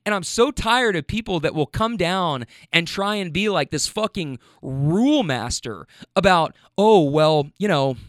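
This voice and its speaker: Brief: male vlogger, high voice, exasperated profane storytime rant. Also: animated, a little slow, hardly any pauses, fairly bright tone, no echo, clean studio sound.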